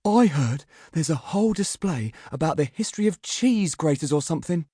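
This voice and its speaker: A man's voice: on the high side, expressive, moderate pace, mellow, breathy edge, no echo, studio quality, voice pushed up. A man voicing a silly, chatty young boy who rambles in a storybook reading. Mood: goofy.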